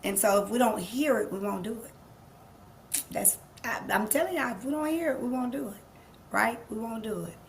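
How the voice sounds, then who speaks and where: Gravelly-voiced woman coach. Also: fairly high pitch, normal speed, a little hiss or hum. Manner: emphatic, repeats key phrases, addresses the audience directly; laughs easily, chats with people in the room. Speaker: life coach and show host. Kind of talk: live-streamed motivational talk.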